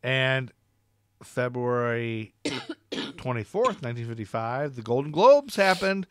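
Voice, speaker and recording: A man's voice: mid-range voice, big pitch swings, takes it slowly, fairly bright tone, clear, resonant tone, dry recording, studio quality. A man co-hosting a casual podcast, rambling and joking with lots of fillers. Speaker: podcast co-host. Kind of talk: casual chat.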